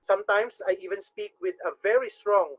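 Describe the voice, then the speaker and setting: In a fairly quick, high-pitched, slightly bright voice, a man from Cebu in the Philippines gives an online public speaking lecture. His Visayan accent is strong, he is earnest and repeats words as he thinks, and the dull, dry lo-fi audio carries no room sound.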